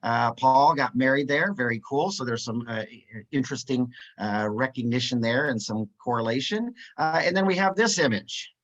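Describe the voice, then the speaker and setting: A man leads a live webinar in an upbeat, chatty way, sprinkling his talk with filler sounds as he reads out replies. His voice sits at a middling pitch. The call audio comes through dull and lo-fi. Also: expressive, normal speed, fairly bright tone. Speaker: webinar presenter.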